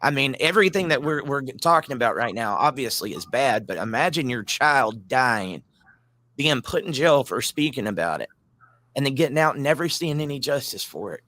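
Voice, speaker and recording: A man's voice: medium pitch, expressive, normal speed, bright, forceful tone, no echo. A man hosting a casual talk show, speaking with passion and addressing listeners directly. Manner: impassioned, addresses listeners as guys.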